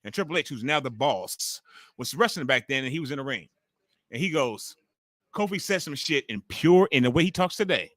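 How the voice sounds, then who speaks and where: Bright-voiced, profane stream host. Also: male voice, mid-range voice, expressive, fairly quick, dry recording. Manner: loose, profane, talks straight to the chat. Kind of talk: casual watch-along chat with viewers.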